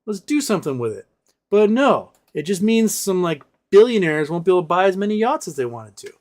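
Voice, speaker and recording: An American man hosts a casual livestream, somewhat higher in pitch than most men. He rants with a sarcastic edge and reads viewers' questions aloud before answering them off the cuff. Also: very animated, fairly quick, darkish tone. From United States. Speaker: livestream host.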